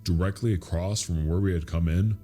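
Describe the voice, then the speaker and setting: A man reading a scary true story as a narrator, in a slow, hushed, suspenseful delivery. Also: sits low, steady tone, faint music behind. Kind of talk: scripted horror story narration.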